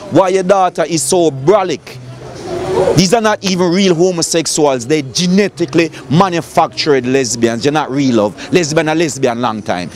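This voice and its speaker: Fiery Jamaican street preacher. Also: male voice, on the high side. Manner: fiery, profane, lecturing. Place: outdoors on a city street. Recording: loud street crowd noise.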